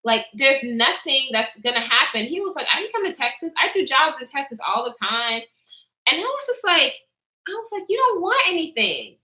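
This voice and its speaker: A high-pitched young woman vlogger talks briskly through a casual story time, her voice echoing in the room. She's animated, performs what people said, reads live chat, and often bursts into laughter.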